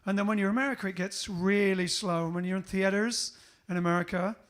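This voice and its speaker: A man's voice: high voice, steady tone, fast talker, a bit bright. A man with a Cockney-Essex accent, hosting a casual livestream chat as a band frontman, rambling with many fillers. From England.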